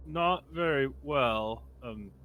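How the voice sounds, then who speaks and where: A man playing a tabletop game, chatting in an animated, joking way. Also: mid-range voice, takes it slowly. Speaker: player. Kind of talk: casual tabletop game chat.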